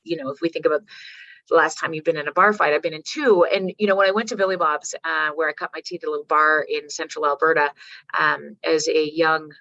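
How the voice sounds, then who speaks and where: Bright-voiced, salty woman speaker. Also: sits low, fairly quick. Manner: animated storytelling, salty language, keeps checking in with the audience. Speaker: workshop speaker. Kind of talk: motivational workshop talk. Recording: dull lo-fi dry sound.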